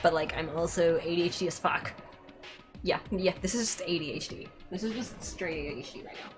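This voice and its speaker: A woman's voice: fairly low pitch, brisk. Woman gamer, scattered, rambling commentary with plenty of swearing; game music playing behind her. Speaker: let's play gamer. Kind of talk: casual gameplay commentary.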